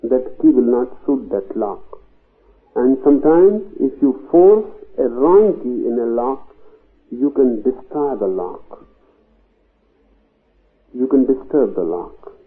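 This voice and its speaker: Male spiritual teacher, very slow, measured discourse; thin phone-like archival recording. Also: mid-range voice, lively intonation. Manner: slow and deliberate, long pauses, emphatic rises on key words. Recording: tinny phone-like old tape.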